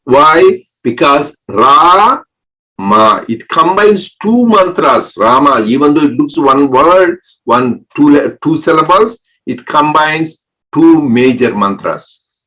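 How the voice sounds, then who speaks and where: A man giving a spiritual talk, explaining mantras slowly and breaking words into syllables, pausing often for an interpreter. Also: on the high side, lively intonation, fairly bright tone, poor audio. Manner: breaks words into syllables, with many restarts and pauses. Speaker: spiritual speaker.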